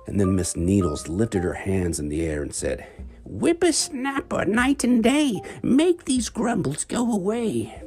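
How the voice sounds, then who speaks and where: A man narrating a children's bedtime adventure story in an expressive, dramatic read-aloud manner. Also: deep voice.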